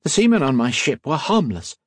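A man voicing a sharp, composed young woman spy with a cool, sarcastic manner. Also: fairly high pitch, big pitch swings, unhurried, breathy edge, no room sound, studio quality, pitched above the performer's own voice, full character voice.

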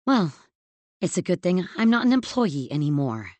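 A woman's voice: on the low side, very animated, moderate pace, darkish tone, dry recording. A woman voicing a hurt but defiant young female employee, her words choked and bitter, in an audiobook reading.

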